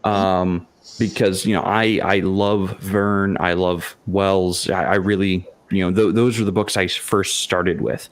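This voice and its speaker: Low-voiced man, halting and thoughtful. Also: fairly even intonation. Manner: halting, thoughtful, with frequent ums and stammered restarts. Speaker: podcast panelist game master. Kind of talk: casual chat.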